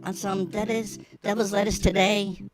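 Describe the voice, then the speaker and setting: A woman's voice: medium pitch, flat delivery, normal speed. Playful woman on a podcast riffing silly rhymes, guitar playing behind. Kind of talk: casual chat.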